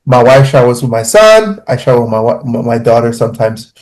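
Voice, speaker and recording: Animated man telling personal stories. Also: mid-range voice, a little fast, poor audio. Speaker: father on a podcast panel. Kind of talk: casual podcast discussion.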